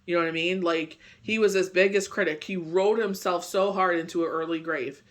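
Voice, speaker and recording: A man's voice: high voice, fairly even intonation, fairly quick, fairly bright tone. A man giving a casual daily tarot reading, rambling with lots of "you know" and "it's just like", still getting over a bad cold. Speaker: tarot reader.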